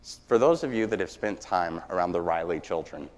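A man preaching a sermon, telling stories with energy that swings from hushed to shouting. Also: low-pitched, expressive, a little fast, a little hiss or hum. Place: church sanctuary. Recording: long church reverb.

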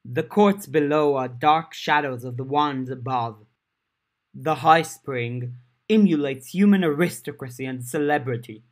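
A proud, stately fairy man of the summer court, as a male reader puts him on. He speaks slowly and grandly, lingering over every phrase. His voice is steady and mid-pitched. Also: natural voice. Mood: grandiose. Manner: slow, grand and theatrical. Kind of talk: audiobook character voice.

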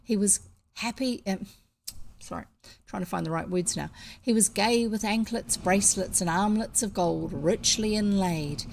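A woman with a New Zealand accent reading a children's novel aloud, pausing to fix slips and add casual comments. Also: medium pitch, vocal fry, a little mellow, a little hiss or hum. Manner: unpolished, stops to correct slips and comment. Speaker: audiobook reader.

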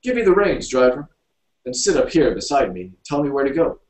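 A man's voice: mid-range voice, big pitch swings, a little fast, pitched above the performer's own voice, natural voice. A man doing William, a reckless, boisterous reveller. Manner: loud, commanding shouts. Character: bold, reckless man out on the town, gleeful. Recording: roomy, distant mic.

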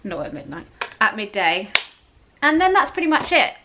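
A woman's voice: sits high, wildly swooping pitch, fast talker, background noise. A woman with an English accent chatting casually to her camera in a rambling vlog, often correcting herself. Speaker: vlogger.

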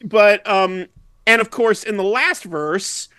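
Brief: male podcast guest, light high-ish voice, dry close sound, jokey and rambling. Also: pushed and bright, clear, resonant tone, dry recording. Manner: chatty, joking, quick digressions. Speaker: guest musician. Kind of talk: casual podcast chat.

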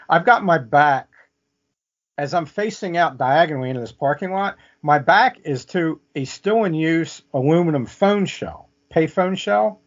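A man's voice: a little high, animated, normal speed. A man telling a vivid story as an interview guest, often checking in with "okay?". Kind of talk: casual storytelling. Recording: muffled lo-fi audio.

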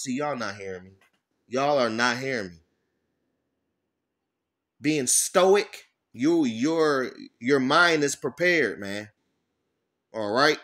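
A man's voice: mid-range voice, lively intonation, fairly bright tone. Blunt, profane man preaching scripture. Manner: blunt, profane, keeps checking in with "all right?" and "man"; reads verses slowly, then breaks them down. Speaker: scripture teacher. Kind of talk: informal sermon with scripture reading.

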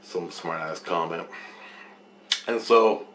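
A man's voice: deep voice, takes it slowly, fairly bright tone. A man telling a rambling spiritual story, swearing and chuckling often as he goes. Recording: echoey room with faint noise.

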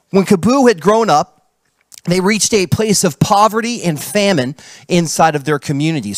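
A man's voice: high voice, no echo. A man preaching a sermon, telling a story with dramatic shifts in pace. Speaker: pastor.

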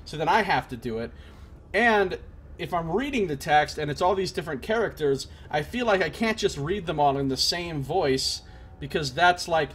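A man's voice: fairly high pitch, a bit bright, a little hiss or hum. A man streaming a role-playing game, chatting casually with joking, self-deprecating asides. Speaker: let's play streamer.

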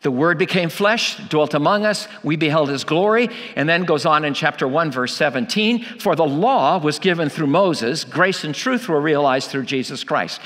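A man's voice: on the high side, lively intonation, moderate pace, few pauses, a bit bright, long reverb tail. A man preaching a sermon, emphatic, asking rhetorical questions and repeating key lines for weight. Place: church.

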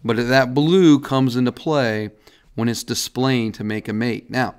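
A man's voice: mid-range voice, fairly even intonation, measured pace, clean tone. Casual man lecturing on biology. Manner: casual, folksy explaining with frequent "all right" and restarts. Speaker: biology teacher. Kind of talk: recorded classroom lecture over slides.

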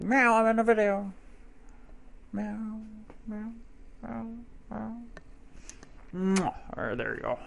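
A young let's play gamer with a fairly high, gravelly voice casually commentates his gameplay over slight background noise. Excitable, he yelps and swears at the game, and between runs he chats to his cat.

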